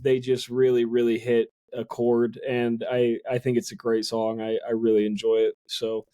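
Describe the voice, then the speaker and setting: A man's voice: mid-range voice, completely flat delivery, normal speed, warm tone, no echo, studio quality. A man co-hosting a podcast, chatting casually about an album and sprinkling his talk with fillers and restarts. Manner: chatty, lots of fillers and self-corrections. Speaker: podcast co-host. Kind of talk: casual music review chat.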